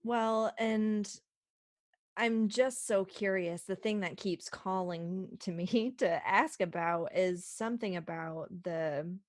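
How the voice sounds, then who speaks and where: A woman's voice: mid-range voice, takes it slowly, no echo, clean studio sound. A woman hosting a podcast interview, asking reflective, thoughtful questions. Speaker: podcast host. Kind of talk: casual interview.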